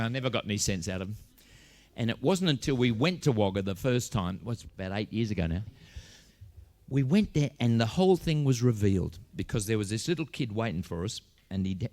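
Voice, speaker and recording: A man's voice: fairly low pitch, lively intonation, fairly quick, darkish tone. An Australian man from Western Australia, telling stand-up jokes and stories and slipping into put-on voices and accents. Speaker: comedian.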